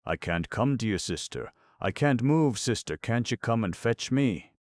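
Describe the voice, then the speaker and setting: A man's voice: extremely low pitch, very animated, slow pace, creaky, no echo, studio quality, heavily acted. A man voicing a small boy, pleading and anxious, in an audiobook reading. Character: frightened small boy trapped in flooding cellar.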